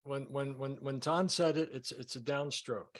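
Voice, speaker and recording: Man, sales coach, emphatic, repeats himself, mid-pitched voice. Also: normal speed. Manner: emphatic, repeats words while teaching. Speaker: sales coach leading a mastermind group. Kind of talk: group coaching call.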